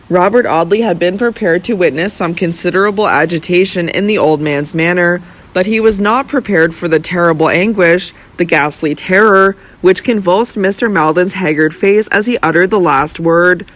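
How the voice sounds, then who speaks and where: An audiobook narrator reading a classic novel in a slow, measured, dramatic way. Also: medium pitch, a bit bright.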